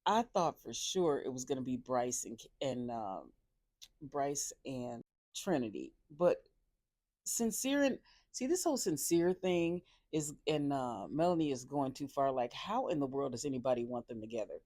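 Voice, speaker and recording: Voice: mid-range voice, animated, normal speed, darkish tone, no echo. Chatty, opinionated recapper with a dry sound. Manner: chatty, opinionated, sarcastic asides; loose delivery with many fillers and restarts. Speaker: reality show reviewer. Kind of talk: casual episode recap.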